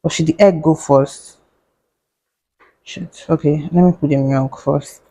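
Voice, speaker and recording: A woman's voice: low voice, fairly even intonation, unhurried, warm tone, husky, low-quality recording. A young woman, a doctor, telling a story in a sarcastic, chatty way while she cooks, laughing and muttering to herself. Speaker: doctor and vlogger. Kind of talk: casual storytime chat while cooking.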